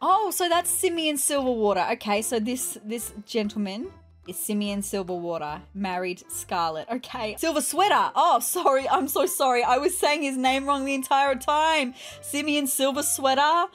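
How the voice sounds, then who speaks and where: A woman with a high, bright-pitched voice narrates a life-sim let's play as the host. She chatters excitably and gasps and squeals at each surprise. Soft music plays faintly underneath. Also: normal speed, hardly any pauses. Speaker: gaming channel host.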